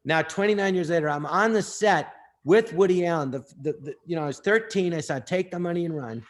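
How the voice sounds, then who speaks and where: A man's voice: on the high side, fairly quick. Rambling older man telling stories. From Los Angeles. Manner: rambling, puts on voices while retelling stories. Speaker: guest. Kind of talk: storytelling interview.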